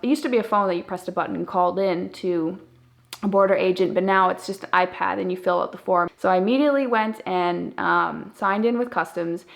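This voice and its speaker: A woman's voice: fairly low pitch, fairly quick, gravelly. Chatty young woman vlogger. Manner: chatty, upbeat, lots of "like". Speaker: travel vlogger. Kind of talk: casual vlog narration.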